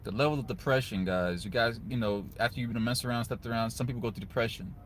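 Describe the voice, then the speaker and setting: An earnest young man speaking to camera, at a middle pitch and with a casual, heartfelt way of talking. He keeps checking in with his listeners. A faint hum of background noise sits under his voice. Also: fast talker. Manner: earnest, conversational, repeats "guys" and "right?". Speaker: video host giving advice to men. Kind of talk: casual motivational talk to camera.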